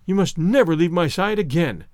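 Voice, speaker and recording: A man's voice: high voice, expressive, normal speed, a little mellow, dry recording, clean studio sound. A man voicing an anxious, loving mother in a storybook reading, speaking tenderly. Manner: tender, fervent.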